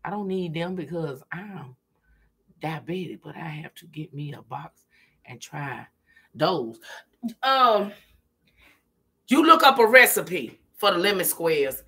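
A woman vlogging in a relaxed, chatty way, talking straight to her viewers and laughing often. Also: sits low, takes it slowly, pauses often. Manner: chatty, folksy, laughs often, addresses viewers as "girl" and "y'all". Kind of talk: casual chat to viewers while eating.

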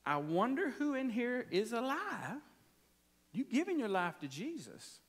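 A man's voice: extremely high pitch, big pitch swings, fairly quick, fairly bright tone. A man preaching a sermon in a church, conversational and playful, stretching out key phrases for emphasis. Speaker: pastor. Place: church sanctuary.

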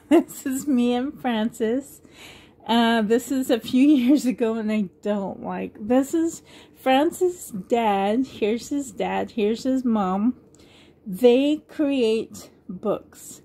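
A woman's voice: fairly high pitch, warm tone. A middle-aged woman vlogger chatting casually and rambling, with frequent giggles as she shows things. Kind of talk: casual show-and-tell chat.

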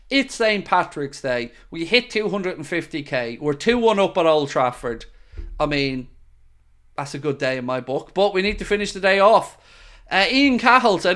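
A man's voice: a little high, a bit bright. A man hosting a live football watchalong, chatty and upbeat as he reads out viewer messages. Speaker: fan channel host.

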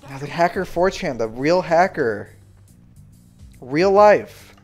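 A young man livestreaming a game, bantering loudly and sarcastically with his chat in mock outrage. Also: fairly high pitch, lively intonation, slow, faint music behind. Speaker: streamer. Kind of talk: live gaming stream chatter.

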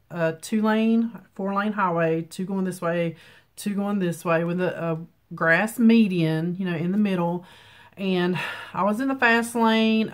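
A young woman, congested, chatting casually in a rambling home vlog full of ums. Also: medium pitch. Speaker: beauty vlogger. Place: home room with ring light.

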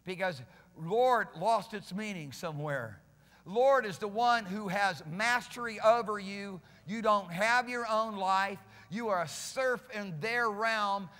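A male pastor preaching a fiery sermon in a church, repeating phrases and swinging between shouts and low, quiet lines. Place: church sanctuary. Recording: reverberant church hall.

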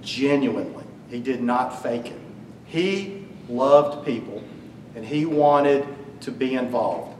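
Taking his time, a man with a mid-range voice tells warm, humorous stories in a eulogy and jokes with the crowd. It's a memorial service hall, recorded from afar with echo and a faint hum.

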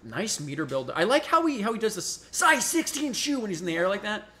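A woman giving excitable play-by-play commentary on a fighting game tournament, joking between plays. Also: medium pitch. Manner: quick, excitable play-by-play with jokes.

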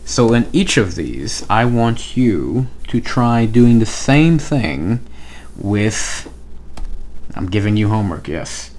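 A man's voice: lowish voice, big pitch swings, slow pace, darkish tone, a little hiss or hum. A man teaching a language lesson online, explaining step by step and checking in with "okay?" as he writes on the screen. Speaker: Hebrew teacher.

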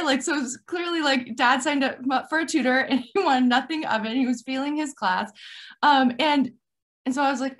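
A woman's voice: high-pitched, fairly quick, a bit bright. A woman hosting a podcast, chatting about tutoring and sharing her own stories with many "you know" fillers. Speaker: podcast host. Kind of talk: podcast conversation.

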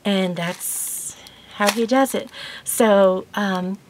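A woman's voice: mid-range voice, steady tone, extremely slow. Chatty sixty-something woman vlogging at home; rambling, giggly storyteller with a middle-range voice. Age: 60s. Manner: chatty and rambling, laughs often. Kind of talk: casual storytelling and gift unboxing.

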